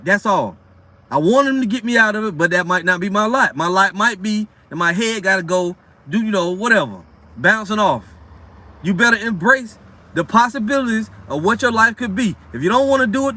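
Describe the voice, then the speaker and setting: High, bright-voiced blunt street preacher. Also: male voice. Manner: reads verses aloud slowly between rants. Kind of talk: casual scripture teaching.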